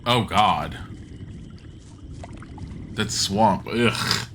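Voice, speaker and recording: Chatty sarcastic male game streamer, bright sharp voice, faint hiss behind. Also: on the low side, extremely slow. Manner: chatty, sarcastic, laughs often. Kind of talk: live gaming commentary.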